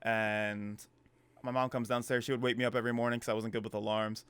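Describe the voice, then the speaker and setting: A man's voice: lowish voice, fast, smooth. A young man co-hosting a podcast, telling a story in casual chat and acting out the quotes. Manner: animated storytelling, acts out quotes. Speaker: podcast co-host.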